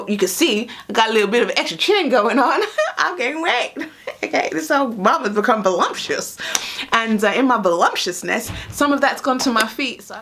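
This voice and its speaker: A woman talks casually to her camera as a pregnant vlogger. She is often a little out of breath and keeps the chat lively with frequent laughs. She plays out the voices of the people in her stories. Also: medium pitch. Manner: animated storyteller, laughs often, acts out quoted voices. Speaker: vlogger sharing pregnancy experiences.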